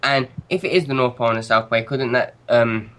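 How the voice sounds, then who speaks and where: A man's voice: mid-range voice, fast, fairly bright tone, clear, resonant tone. A man chatting as a guest, joking and telling silly made-up stories. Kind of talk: casual group chat.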